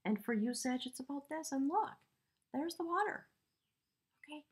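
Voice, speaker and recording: A woman's voice: high voice, animated, normal speed. A woman giving a spiritual tarot reading, earnest and emotional, rambling with fillers. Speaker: tarot reader.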